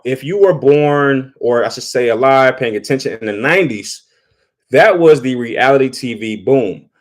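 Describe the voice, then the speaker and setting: A man giving casual spoken commentary, talking loosely and often repeating words as he thinks. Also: mid-range voice. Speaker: vlogger.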